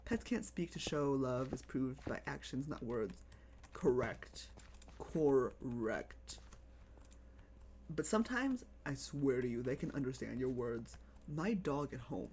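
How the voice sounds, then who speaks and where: A live streamer chatting casually over gameplay, excitable, repeating phrases and cooing over pets. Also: mid-range voice, normal speed, hardly any pauses, a little hiss or hum.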